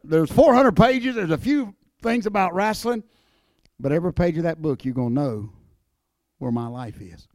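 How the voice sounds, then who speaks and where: A man's voice: a little high, expressive, normal speed, no room sound, clean studio sound. Folksy older man preaching. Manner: folksy, emphatic preaching that drops to hushed prayer. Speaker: guest speaker, former wrestler. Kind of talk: evangelistic church talk. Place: church.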